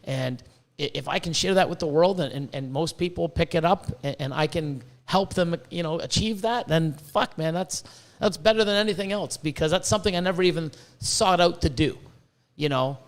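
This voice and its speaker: This podcast host, a man with a high voice who grew up in Canada, keeps things casual and excitable, swearing freely at a normal speed. Words get repeated when his thinking gets ahead of his speech.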